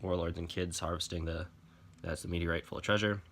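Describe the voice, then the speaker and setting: Man, comic reviewer, casual rant, sarcastic, profane, lowish pitch, bright forceful tone. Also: level tone, fast talker, a little hiss or hum.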